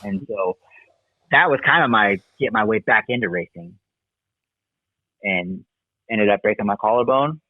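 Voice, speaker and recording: A man in his thirties, a motocross racer and coach, telling his racing story in a relaxed, rambling way. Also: lowish voice, measured pace, long pauses, dry recording. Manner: relaxed, rambling recollection with fillers. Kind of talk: casual interview storytelling. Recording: dry, tinny phone-like line.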